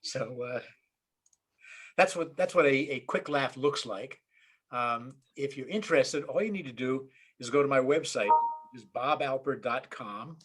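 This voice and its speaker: A rabbi and comedian talking casually to an online audience, trading jokes and stories. His voice is slightly husky, and his delivery stays loose, with plenty of ums and false starts. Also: mid-range voice, measured pace. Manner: relaxed storyteller, many fillers and restarts. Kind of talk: online talk telling jokes.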